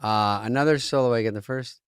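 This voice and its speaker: Brief: male co-host in his forties, dry sarcastic wit, smooth voice, mid pitch. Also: a little fast, no echo. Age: 40s. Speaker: podcast co-host. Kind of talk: casual chat.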